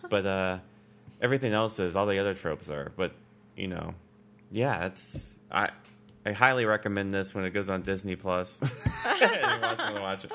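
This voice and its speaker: A man talks through a film review in an easy, enthusiastic ramble, often starting a sentence over. His voice sits low yet sounds bright and forward. His pitch swings widely as he gets excited. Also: normal speed. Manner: enthusiastic, rambling with many restarts. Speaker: podcast co-host. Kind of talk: casual movie review chat.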